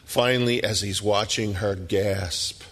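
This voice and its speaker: A middle-aged man preaching a sermon, telling the story dramatically and dropping at times to hushed whispers. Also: fairly low pitch, steady tone, slow, big-room sound.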